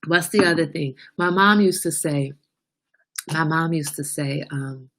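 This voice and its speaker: A woman's voice: sits low, a little slow, fairly bright tone. A woman in her forties hosting a casual livestream chat, talkative and laughing, teasing her son with mock exasperation. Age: 40s. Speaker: livestream host.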